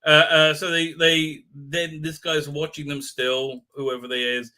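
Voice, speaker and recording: A man riffs sarcastically through a live episode commentary. His voice is very bright and cutting, sitting slightly high, and he keeps restarting with "uh, uh" before acting out lines in mocking voices. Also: level tone, a little slow. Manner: sarcastic, mocking, acts out quotes in exaggerated voices; many fillers and restarts. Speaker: host.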